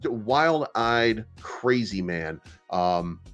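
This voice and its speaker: A man with a fairly low voice hosts a crypto commentary show. He riffs loosely, swears freely, and trips over repeated words. Faint music plays under his talk. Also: lively intonation, drawn-out words, a bit bright, dull audio. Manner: profane, stammering, riffing. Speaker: crypto channel host. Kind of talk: casual ranting commentary.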